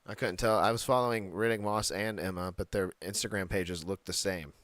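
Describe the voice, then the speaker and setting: Low-voiced blunt podcast host. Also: male voice, fairly even intonation, brisk, fairly bright tone, no room sound. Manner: blunt, profane, laughs often. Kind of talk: casual wrestling podcast chat.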